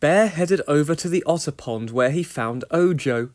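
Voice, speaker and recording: A woman narrating a children's storybook aloud with expressive storytelling. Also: sits low, normal speed, hardly any pauses. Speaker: storybook reader.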